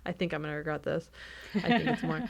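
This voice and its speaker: A young woman co-hosting a podcast, talking casually and laughing often, swinging between excited bursts and flat asides. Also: low-pitched, fast, gravelly. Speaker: podcast co-host. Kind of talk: casual chat.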